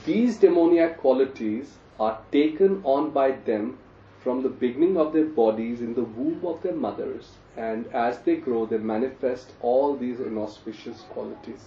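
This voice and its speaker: A man teaching a scripture class, animated, putting questions to the listeners with sarcastic asides. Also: mid-range voice, moderate pace, slight background noise. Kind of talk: scripture study lecture. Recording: distant roomy lo-fi recording.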